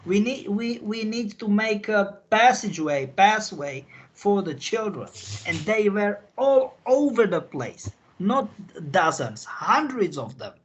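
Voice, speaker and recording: A man's voice: sits high, big pitch swings, takes it slowly, highs cut off. A man in an emotional call chat, repeating himself and apologizing, with non-native phrasing. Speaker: insider guest recounting missions.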